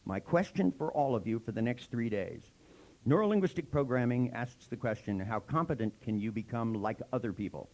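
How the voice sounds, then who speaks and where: A man's voice: mid-range voice, lively intonation, fairly quick, a little mellow, poor audio. A man giving a seminar talk, telling stories bluntly and acting out the voices of the people in them. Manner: blunt, acts out quoted voices, profane. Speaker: seminar trainer.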